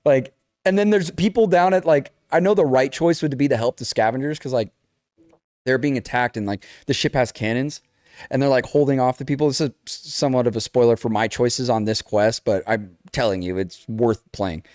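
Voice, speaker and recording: This young podcast co-host has a mid-range voice and a brisk pace, captured in studio quality without echo. In a relaxed chat he tells a video game story full of swearing, animatedly acting out the game's characters.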